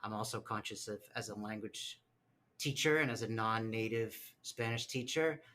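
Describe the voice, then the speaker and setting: A man's voice: lowish voice, bright, forceful tone. A man from Massachusetts with a faint Boston accent, answering reflectively and hesitantly as a teacher in an interview. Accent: Boston, mostly tamped down. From Medford, Massachusetts. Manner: hesitant, with many pauses.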